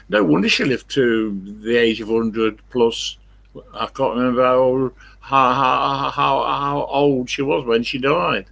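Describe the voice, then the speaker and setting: A man's voice: medium pitch, measured pace, vocal fry, fairly bright tone. An older man hosting a live stream, chatting in a rambling, blunt way, swearing freely and correcting himself as he goes.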